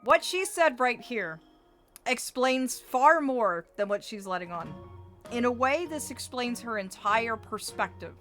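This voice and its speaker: A woman's voice: fairly high pitch, animated, unhurried, fairly bright tone, soft background music. A woman streaming a game, chatting casually and theorizing in a playfully dramatic way.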